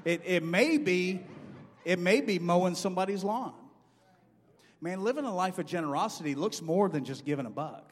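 A middle-aged man preaching a sermon in a church, animated and acting out quoted dialogue in a loud voice. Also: high-pitched, normal speed. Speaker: pastor. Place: church sanctuary. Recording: long hall reverb.

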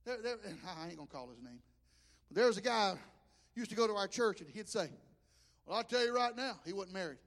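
A male preacher delivers his sermon in a folksy, impassioned style, working humor into the message. His voice sits unusually high for a man. It rings out with the long reverb of a church hall. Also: lively intonation, fast talker.

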